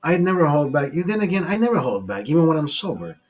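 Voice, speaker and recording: A man's voice: on the high side, very animated, quick pace, breathy edge. A man hosting a casual late-night chat over beers, tipsy, crude and rambling, repeating himself and laughing often. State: tipsy from drinking. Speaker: livestream host.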